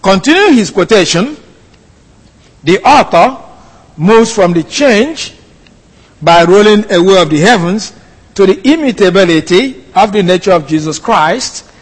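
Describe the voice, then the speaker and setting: High-pitched man teaching slowly in an echoey hall. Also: lively intonation. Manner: measured, explanatory, corrects himself mid-phrase. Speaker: Bible teacher. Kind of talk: verse-by-verse Bible lesson.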